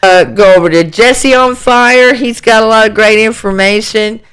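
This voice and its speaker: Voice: mid-range voice, normal speed, a bit bright, clean tone. An online commentator giving a solo opinion monologue, indignant and ranting, piling on rhetorical questions and repeating phrases for emphasis.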